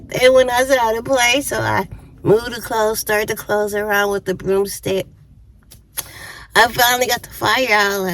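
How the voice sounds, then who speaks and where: A woman's voice: medium pitch, normal speed, fairly bright tone, a little hiss or hum, poor audio. A woman in her fifties casually telling a storytime on her vlog, chatty and often laughing while eating. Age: 50s. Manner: eating while talking to viewers. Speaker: YouTuber.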